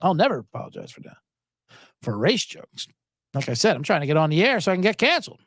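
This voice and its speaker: A man's voice: sits high, fast, no room sound, studio quality. A man hosting a sports show in casual, joking, rambling talk. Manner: animated, jokey, rambling.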